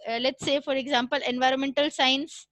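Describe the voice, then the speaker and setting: A woman giving a recorded classroom lecture, explaining step by step with frequent "uh" pauses and "right?" checks. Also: high voice, flat delivery, a bit bright, dry recording, poor audio.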